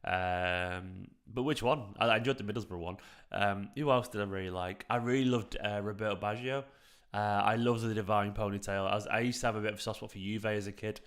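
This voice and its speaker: Raspy gravelly man talking in a hush. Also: on the low side, steady tone, fairly quick. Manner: hushed, half-whispered talk. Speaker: fan channel host streaming a match watchalong. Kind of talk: casual live chat with viewers. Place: at home late at night. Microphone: streaming microphone.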